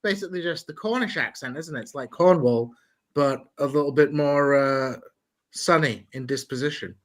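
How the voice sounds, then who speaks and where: A man's voice: on the high side, moderate pace. A man in casual podcast chat, telling anecdotes and restarting his sentences as he goes. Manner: chatty, restarts sentences, storytelling.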